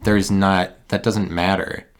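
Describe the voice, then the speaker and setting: Man, very deep voice, rambling solo podcast host, halting, self-mocking. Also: flat delivery, smooth. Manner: meandering, halting, full of restarts and "like".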